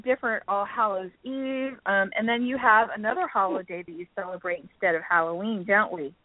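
A woman's voice: medium pitch, a little fast, dry recording. A woman hosting a radio show, chatting casually and running through upcoming guests with plenty of ums. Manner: chatty, lists upcoming guests with many fillers. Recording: narrow phone-like line, dry.

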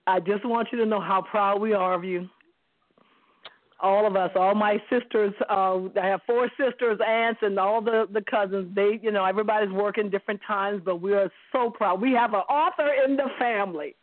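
A woman's voice: mid-range voice, steady tone, normal speed, no room sound. A woman calling in to a radio chat as the author's aunt, proud and chatty, rambling a little. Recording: dry tinny phone line.

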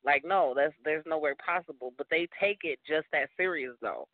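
A man's voice: a little high, normal speed, no echo. A man co-hosting a radio talk show, chiming in bluntly with short reactions and crude banter. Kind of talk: casual comedic banter. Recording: dry phone-like radio audio.

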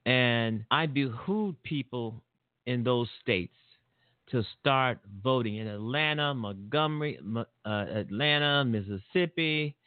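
A man's voice: mid-range voice, slow, clean tone, no room sound. A man hosting a talk show, giving a blunt, rambling political monologue full of fillers and repeats. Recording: tinny phone-like line.

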